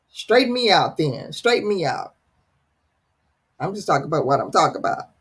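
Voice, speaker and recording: A woman's voice: low voice, very animated, moderate pace, long pauses, slightly rough. Playful woman hosting a livestream. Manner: playful, teasing, dramatic, laughs often. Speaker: live stream host reading viewer comments. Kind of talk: casual chat.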